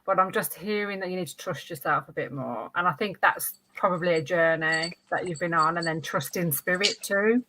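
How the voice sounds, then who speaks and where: A woman with a bright, forceful voice giving card readings in a casual session. She talks with eager enthusiasm, exclaiming as she points things out. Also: lowish voice, normal speed, few pauses, slight background noise, low-quality recording. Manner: enthusiastic and warm, exclaims often. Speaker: spiritual card reader.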